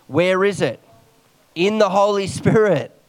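A man preaching a morning sermon quickly, reading scripture aloud and adding quick asides and jokes. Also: sits high, soft background music.

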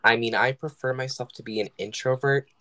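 A woman's voice: extremely low pitch, fairly even intonation, fairly quick, fairly bright tone. A young woman in casual chat, laid-back, steering the talk back on topic.

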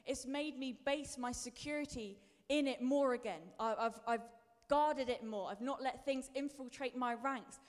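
A woman's voice: high-pitched, moderate pace, few pauses. A woman preacher giving a sermon in a chatty, self-deprecating way, building to emphatic bursts. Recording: long reverb of a large hall.

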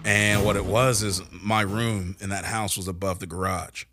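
A man co-hosting a faith-based podcast, an animated storyteller who gets loud and high when excited. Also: moderate pace, music in the background. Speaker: podcast co-host. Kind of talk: casual faith-based discussion.

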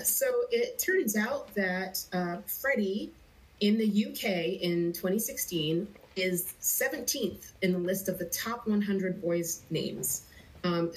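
A woman's voice: fairly low pitch, low-quality recording. A woman co-hosting a casual commentary podcast, reporting figures in a matter-of-fact way. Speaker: podcast co-host.

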